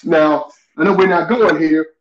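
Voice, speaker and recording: A man who is a guest on a sports podcast, chatting in an animated way and often laughing. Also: on the high side, measured pace. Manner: animated, laughing, throws questions back to the host. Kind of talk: casual sports debate. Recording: dull echoey remote line.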